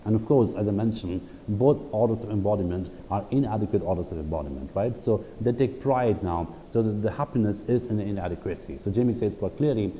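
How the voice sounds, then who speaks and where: A man giving a recorded university lecture, reading quotes aloud slowly and checking in with "right?" between points. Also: lowish voice, mellow. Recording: hall reverb with faint background noise.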